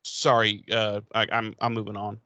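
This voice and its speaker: A man's voice: lowish voice, moderate pace, clear, resonant tone, no echo. Swearing man in dry casual podcast chat. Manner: swearing, animated, quotes characters in put-on voices. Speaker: podcast co-host. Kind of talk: casual chat recapping a TV episode.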